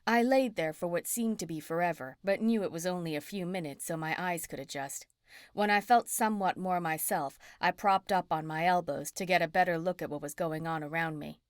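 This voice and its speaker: A woman narrating an audiobook in the first person, in an even storytelling manner. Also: lowish voice, brisk, no echo, clean studio sound.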